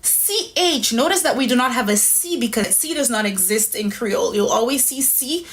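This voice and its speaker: A woman's voice: on the high side, animated, moderate pace, fairly bright tone. A woman teaching a language lesson, patiently explaining pronunciation step by step. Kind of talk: instructional lesson.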